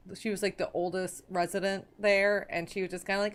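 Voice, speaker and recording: A woman's voice: mid-range voice, little pitch movement, quick pace. A woman playing a tabletop game, chatty and giggly, acting out her character's lines. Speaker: player.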